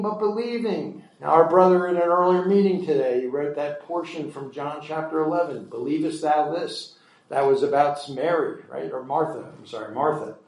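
A man with a slightly higher voice preaches in a sermon. He reads scripture passages aloud and then breaks off to explain them in plain conversational asides. The recording has a noticeable room echo. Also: darkish tone. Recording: echoey room.

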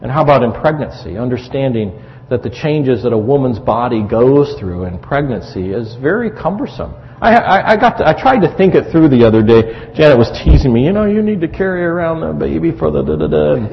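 A man's voice: mid-range voice, vocal fry, a little hiss or hum. A middle-aged man preaching a conversational sermon on marriage, with frequent asides to the congregation. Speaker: pastor. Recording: dull lo-fi recording in a reverberant hall.

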